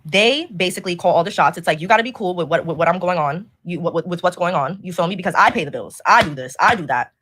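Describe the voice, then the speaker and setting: A woman's voice: fairly low pitch, animated, a crowd in the background. A woman guest arguing insistently in a heated podcast debate, often restarting her words. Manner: fast, insistent, restarts when pressed.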